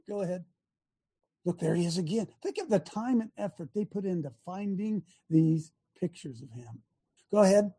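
A man hosting a preaching talk show as a pastor, sarcastic and bursting into shouts. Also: high voice, lively intonation, moderate pace, breathy edge. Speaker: pastor and radio host.

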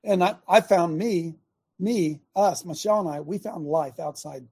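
Husky, high-voiced preaching man. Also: normal speed. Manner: animated, storytelling, asks listeners questions. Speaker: show host preaching. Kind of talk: conversational preaching.

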